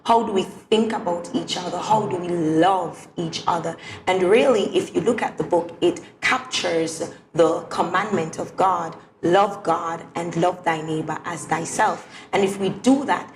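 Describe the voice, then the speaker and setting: A woman who is a teacher and poet answers interview questions in an earnest, devotional way, repeating phrases in a steady rhythm. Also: fairly low pitch, measured pace, few pauses, noisy background. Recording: roomy echo.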